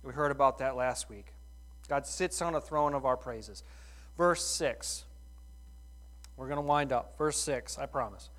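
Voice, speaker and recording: A middle-aged man preaching a sermon in a folksy, animated way, full of rhetorical questions. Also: medium pitch, measured pace, long pauses. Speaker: pastor.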